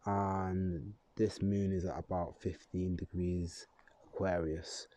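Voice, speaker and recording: A man's voice: deep voice, flat delivery, slow, warm tone. A man in a loose, rambling astrology vlog, chuckling and correcting himself as he goes. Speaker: astrology vlogger. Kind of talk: casual astrology talk to camera.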